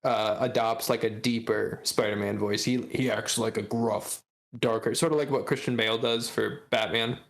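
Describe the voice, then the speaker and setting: A man co-hosting a podcast, chatting casually and reading script narration aloud in an even, deliberate way. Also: on the low side, a little hiss or hum. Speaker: podcast co-host.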